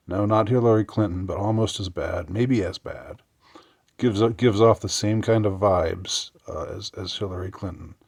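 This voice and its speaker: A man giving sarcastic political commentary in a halting way, often restarting his sentences. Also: sits low, creaky, darkish tone, husky, no room sound, clean studio sound. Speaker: commentary vlogger.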